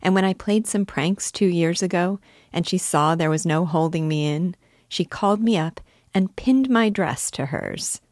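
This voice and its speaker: A woman reading the part of a lively, playful young woman who teases with eager questions, in an audiobook. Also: on the low side, a little slow, no echo, clean studio sound, close to an everyday voice. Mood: confiding.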